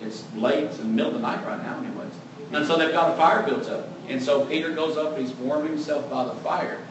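A man's voice: a little high, fairly quick. Man teaching scripture in an echoey room. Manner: relaxed, thinks aloud and openly admits uncertainty. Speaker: Bible teacher. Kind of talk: conversational Bible teaching. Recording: very echoey room, mic far off, faint background noise.

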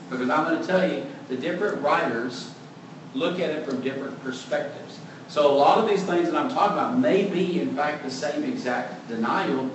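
Man teaching scripture in an echoey room. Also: medium pitch. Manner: relaxed, thinks aloud and openly admits uncertainty. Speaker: Bible teacher. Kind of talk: conversational Bible teaching. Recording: very echoey room, mic far off, faint background noise.

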